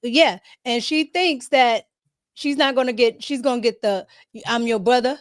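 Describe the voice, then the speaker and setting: A woman with a DC-area accent, hosting a casual, animated commentary livestream and talking to her chat. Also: sits high, measured pace, no room sound, clean studio sound. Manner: animated, laughing, talks to chat. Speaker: host.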